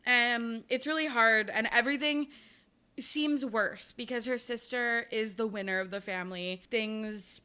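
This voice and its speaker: Bright, smooth-voiced woman podcast host. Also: on the high side, unhurried. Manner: chatty, laughs often, swears casually. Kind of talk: casual chat with book recap.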